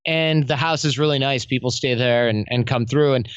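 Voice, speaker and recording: Male podcast guest, casual and animated storyteller, slangy; muffled, dry recording. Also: medium pitch, normal speed, clean tone, no room sound. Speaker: podcast guest, self-development coach. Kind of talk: casual conversational interview.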